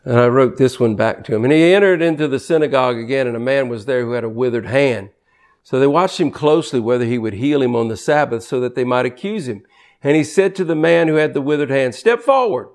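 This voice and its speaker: A man preaching a sermon in an animated, conversational way, reading scripture quickly and jumping sharply in pitch for emphasis. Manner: reads scripture aloud quickly.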